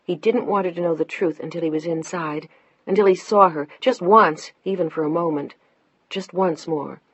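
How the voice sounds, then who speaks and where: A woman narrates a novel in a steady, scripted way, hushing in tense moments. Her voice is very low and husky. The dry recording sounds dull and lo-fi. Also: brisk, no room sound. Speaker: audiobook narrator.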